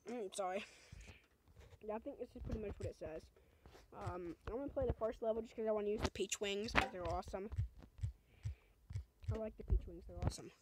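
Heavy background noise surrounds a young woman's mid-range voice, a little fast and pausing often, as she plays a video game. She jokes with the enemies and talks to the game in casual let's play style, shrieking when things go badly.

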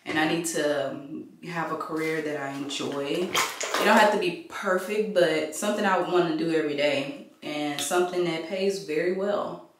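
A woman's voice: low voice, steady tone, normal speed, slight background noise. A woman, chatting casually to her viewers in a vlog while doing her makeup at home. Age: 30s. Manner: chatty, confiding, addresses viewers as y'all. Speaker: vlogger. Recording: very echoey room, voice off-mic.

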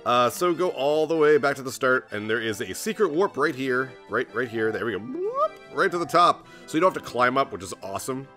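A young man hosting a let's play, giving jokey, excitable commentary on his gameplay. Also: fairly quick, hardly any pauses, soft background music. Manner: jokey, excitable, jumps into squeaky put-on voices.

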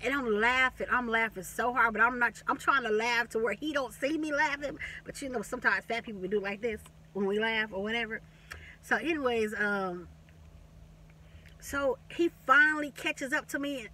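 Bright-voiced woman telling a story. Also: on the high side, moderate pace, far from the mic. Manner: animated, repetitive, profane, laughing storyteller. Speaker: vlogger. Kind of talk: casual storytelling.

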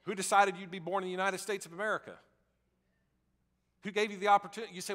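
A man's voice: sits high, fairly even intonation, quick pace, a bit bright, in a large hall. A male pastor preaching a sermon in an emphatic, repetitive way, leading the congregation in call-and-repeat.

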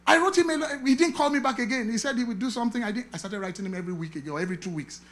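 High bright-voiced pastor telling a testimony. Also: male voice, racing. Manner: animated storytelling, acting out dialogue, chanting affirmations. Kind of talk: sermon testimony.

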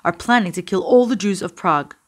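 A grown man delivers an urgent warning in a hushed voice, as a woman reading a storybook puts him on. He speaks with pressing concern, close to her own register. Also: mid-range voice, fairly quick, close to an everyday voice. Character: grateful grown man, urgent secret warner.

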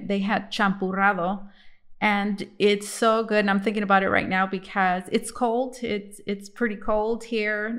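A woman's voice: medium pitch, a bit bright. Chatty woman reading tarot. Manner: chatty, many fillers and restarts. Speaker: tarot reader. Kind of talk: casual tarot reading to camera.

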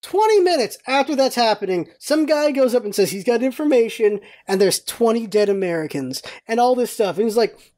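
A woman hosting a casual vlog, telling stories in an animated, rambling way with exclamations and some swearing. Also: a little high, a little fast, few pauses. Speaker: vlog host.

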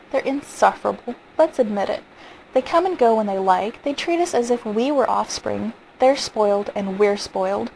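A woman's voice: on the high side, darkish tone, a little hiss or hum, natural voice, rough recording. A woman reading as a brooding, exasperated father. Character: stern worried father of two.

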